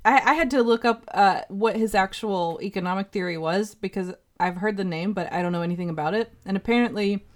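A woman's voice: medium pitch, fairly quick, few pauses. Hesitant woman chatting on a podcast. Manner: hesitant, hedging, many fillers. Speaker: podcast co-host. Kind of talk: casual chat recapping a TV episode.

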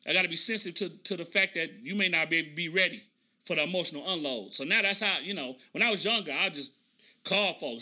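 A man with a high, very bright voice talks through his thoughts on a podcast. He reacts to an interview clip in a loose, slangy, reflective way, circling back to his points as he goes. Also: fast talker. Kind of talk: casual reaction commentary.

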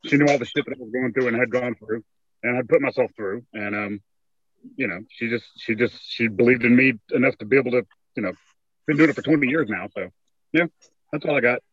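A man in his forties in a casual family chat, talking haltingly with many pauses. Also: mid-range voice, a bit bright, dry recording. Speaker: family member on show. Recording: dull muffled sound.

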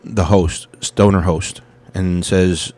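A man's voice: low-pitched, fairly even intonation, takes it slowly, a little mellow. A man hosting a podcast, telling a rambling, profane story in a casual monologue and acting out the people in it. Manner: rambling, profane, quotes people in his stories. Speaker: podcast host and stand-up comic.

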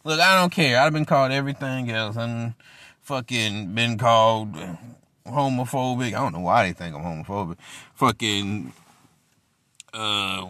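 An angry man ranting profanely while driving his car, shouting at times. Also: medium pitch, no echo. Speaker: vlogger.

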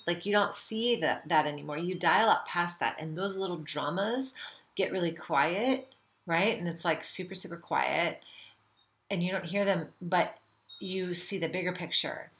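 A woman's voice: fairly low pitch, moderate pace, a bit bright. A middle-aged woman hosting a spiritual self-help podcast, rambling casually, swearing now and then and acting out the voices in her head. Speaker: podcast host.

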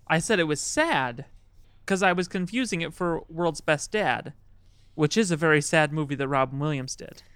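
Host guy, smooth clear voice, dry close sound, teasing and swearing. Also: a little high, animated, moderate pace, a bit bright, no echo. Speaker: podcast host. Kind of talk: improvised comedy chat.

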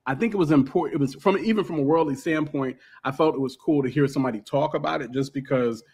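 A man's voice: quick pace, darkish tone, husky. Easygoing man hosting a podcast. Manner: loose and filler-heavy, with playful "yada yada, boom boom" asides. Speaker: podcast host. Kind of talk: casual podcast discussion.

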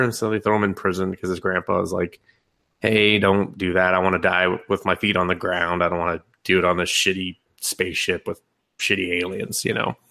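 With a low, creaky voice, this young podcast co-host recaps a film during a casual anime chat. He swears a lot, laughs and mimics characters mockingly.

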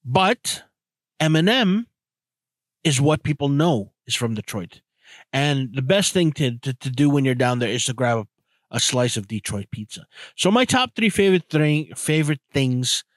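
Rambling podcast host, stumbling over words. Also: male voice, mid-range voice, lively intonation, moderate pace, dry recording. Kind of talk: casual solo monologue.

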